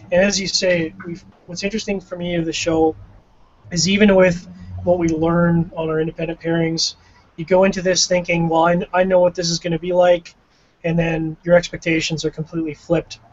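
Co-hosting a relaxed cigar pairing show, a Canadian-accented man speaks at a normal pace in a high-sitting voice with a flat delivery. He muses and pokes fun at himself during the tasting chat, heard through dull lo-fi audio.

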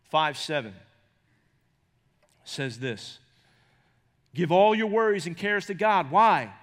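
A middle-aged man preaching a sermon as pastor, swinging from loud high emphasis to low quiet storytelling. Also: in a large hall. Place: church.

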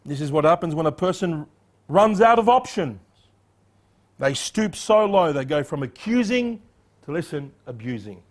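Emphatic preacher man, higher voice. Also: big pitch swings, moderate pace. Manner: emphatic, acts out quoted voices. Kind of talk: expository sermon.

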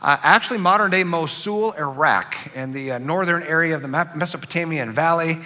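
Bright-voiced man preaching. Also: fairly high pitch, brisk. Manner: animated, acts out angry outbursts. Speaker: pastor. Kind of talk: sermon.

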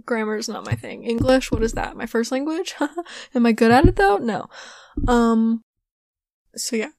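A young woman hosting a podcast, telling a rambling story in a casual way, her voice hoarse and giving out, with lots of giggles and fillers. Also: on the high side, big pitch swings, moderate pace, darkish tone, dry recording. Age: young adult. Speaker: podcast host.

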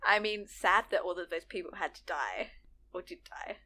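A woman's voice: fairly low pitch, moderate pace, pushed and bright. A woman co-hosting a podcast in casual chat, enthusiastic and chatty. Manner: enthusiastic, chatty, lots of fillers. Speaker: podcast co-host.

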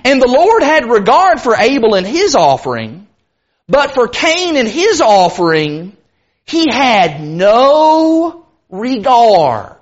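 A man preaching a sermon, earnest and emphatic, slowing down hard to stress key words. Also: very high-pitched, big pitch swings. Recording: muffled lo-fi recording.

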